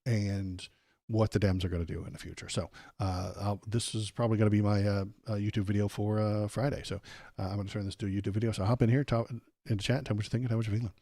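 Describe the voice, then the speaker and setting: A man's voice: fairly low pitch, little pitch movement, fast talker, mellow, dry recording, studio quality. Sardonic man hosting a livestream. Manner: rambling, sardonic, many uh fillers. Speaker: political livestream host. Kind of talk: casual live commentary.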